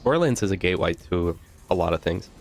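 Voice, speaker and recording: A man's voice: low-pitched, lively intonation, fast talker, faint music behind. A young man giving casual gameplay commentary with joking, rambling asides to viewers. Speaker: gaming video host.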